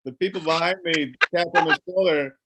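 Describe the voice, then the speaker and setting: A man's voice: fairly high pitch, fairly quick, background noise. A man co-hosting a comedy chat, rambling through stories with lots of swearing and laughter. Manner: rambling storyteller, swears freely, laughs along. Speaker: comedian and co-host.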